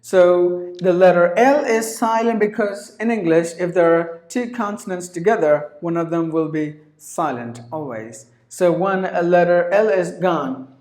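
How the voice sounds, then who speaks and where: A man teaching English pronunciation, repeating each word several times in a drawn-out way. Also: high-pitched, a little mellow. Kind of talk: pronunciation lesson. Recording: roomy echo.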